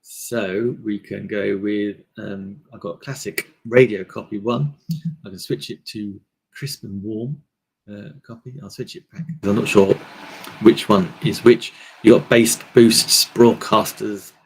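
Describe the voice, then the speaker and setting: A man's voice: on the low side, steady tone, unhurried, creaky. A man hosting a casual live stream, rambling through products with lots of fillers into a desk microphone. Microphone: desk microphone on a table stand.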